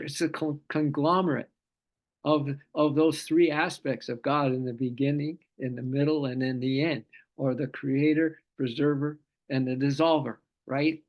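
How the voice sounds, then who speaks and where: A man's voice: fairly high pitch, dull audio. A man teaching a scripture class, fervent in manner, often repeating phrases and stretching out chanted vowels. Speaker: spiritual teacher.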